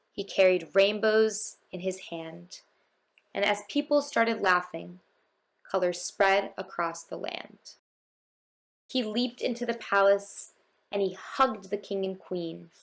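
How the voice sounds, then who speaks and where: Woman reading a rhyming story, gravelly. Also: mid-range voice, slow pace. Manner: lilting, rhythmic reading.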